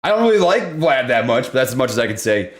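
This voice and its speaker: A man hosting a live stream about stocks, chatting casually and excitably with viewers and breaking down price charts. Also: medium pitch, quick pace. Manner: excitable, easygoing, laughs often, slangy. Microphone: desk condenser microphone.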